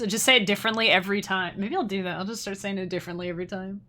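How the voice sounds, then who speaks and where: Woman, streamer, casual livestream chat, rambling, bright tense tone. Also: medium pitch, rapid-fire, hardly any pauses. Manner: chatty, rambling, self-interrupting, laughs often. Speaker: streamer and musician.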